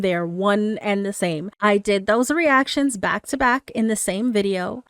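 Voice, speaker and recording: A woman hosting a music reaction channel. She talks in casual commentary, gushing and excitable, swearing casually and swinging between hushed murmurs and loud bursts. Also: mid-range voice, smooth, no room sound, studio quality.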